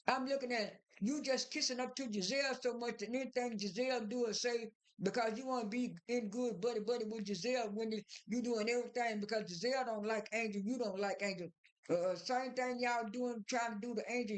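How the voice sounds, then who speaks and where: A woman casually recapping a reality TV episode, rambling through many fillers and restarts as she retells the cast's lines. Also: a little high. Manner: retells dialogue in an informal voice.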